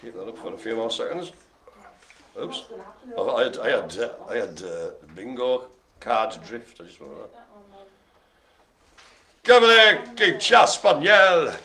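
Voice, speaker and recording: A man's voice: lowish voice, animated, normal speed. A man hosting a live bingo game, calling out numbers and rambling through jokey asides. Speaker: bingo host.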